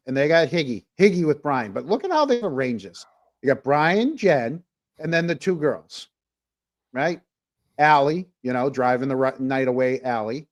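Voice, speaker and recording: Rambling New man on a talk stream. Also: mid-range voice. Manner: rambling, reads viewer comments aloud, many fillers. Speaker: podcast co-host. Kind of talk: casual livestream talk show.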